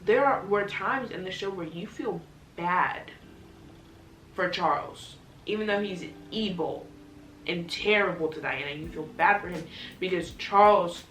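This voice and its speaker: A young woman chatting excitedly as she reviews a TV series, in a gushing, rambling way. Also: lowish voice, a little slow, a little hiss or hum. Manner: gushing, chatty, restarts often. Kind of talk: casual chat. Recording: echoey room from a distance, music behind.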